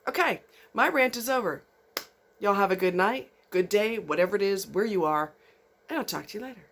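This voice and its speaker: A woman's voice: medium pitch, expressive, a little fast, fairly bright tone, a little hiss or hum. A woman vlogger, delivering a fired-up, profane rant straight to her viewers. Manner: fired up, blunt, swearing heavily. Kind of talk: angry profane rant to camera.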